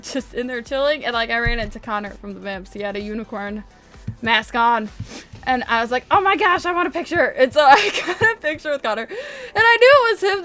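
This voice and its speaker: A young woman from northwest Indiana tells a story in a high, bright voice, chatty and excitable, with "like" in nearly every phrase. Faint music plays softly behind her. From northwest Indiana, USA. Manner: chatty, excitable, lots of "like" fillers. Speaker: gaming vlogger. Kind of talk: casual storytelling over gameplay.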